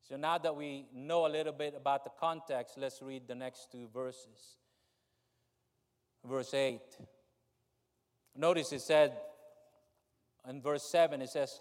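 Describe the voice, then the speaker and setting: A man preaching a sermon with fervent, pleading delivery, rising to loud high cries. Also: steady tone, takes it slowly, pauses often. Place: large church hall. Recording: reverberant church hall.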